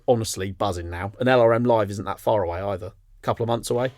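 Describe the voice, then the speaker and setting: A man's voice: lowish voice, quick pace, darkish tone, dry recording, clean studio sound. A man co-hosting a podcast in casual chat, reading out listener messages between his own remarks. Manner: chatty, reads listener messages aloud. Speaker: podcast co-host.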